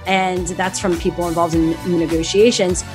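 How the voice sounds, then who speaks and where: A woman's voice: fairly low pitch, level tone, normal speed, darkish tone, soft background music. A woman hosting a trending-news show, upbeat and chatty. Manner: upbeat, chatty, laughs easily.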